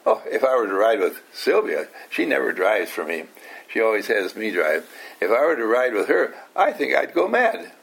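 A man's voice: mid-range voice, very animated, moderate pace, gravelly, a bit bright, slightly rough. An older man giving an informal talk to a small group, often asking questions, teasing his listeners and acting out the people he quotes. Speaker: household teacher.

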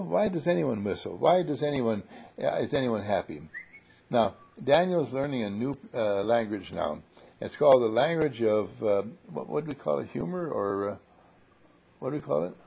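A man's voice: medium pitch, gravelly, mellow, breathy edge. A man leading a casual group conversation, rambling and playful, with many fillers and restarts. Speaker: seminar leader. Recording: dull lo-fi recording.

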